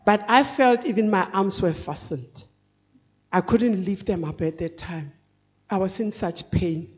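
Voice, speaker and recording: A woman preaching an earnest, halting, emotional personal testimony. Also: mid-range voice, a little mellow. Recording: dull recording in a reverberant hall.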